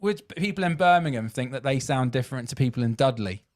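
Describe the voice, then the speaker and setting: A man's voice: medium pitch, animated, fast talker. Jokey man in his thirties hosting. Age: 30s. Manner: jokey, laughs often. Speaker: host. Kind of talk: casual chat. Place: studio set up as a pub.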